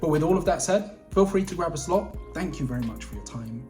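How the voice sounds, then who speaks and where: A man talking straight to camera as a sales coach, energetic and emphatic, with quick laughs and casual swearing between phrases. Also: a little high, soft background music. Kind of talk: direct-to-camera vlog.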